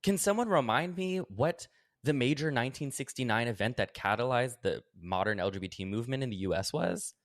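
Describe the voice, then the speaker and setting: A man hosting a podcast, talking casually with a sarcastic, animated edge and lots of "like". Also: medium pitch, no echo, clean studio sound. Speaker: podcast host.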